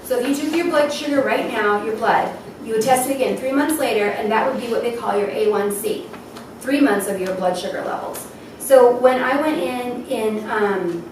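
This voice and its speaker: A woman shares her story at a gathering, her voice a touch high and heard from a distance. The room is very echoey, with clear noise underneath. She gets emotional and laughs through tears as she talks. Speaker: speaker at a health event. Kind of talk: personal testimony talk. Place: event hall.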